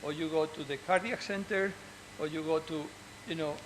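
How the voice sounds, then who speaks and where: Surgeon, male, a bit high in pitch, earnest and encouraging, stops and restarts often, faint noise behind. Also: fairly even intonation, moderate pace, rough recording. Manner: earnest and encouraging, with frequent restarts and repeated words. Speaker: orthopedic surgeon. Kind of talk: speaking to fellow doctors.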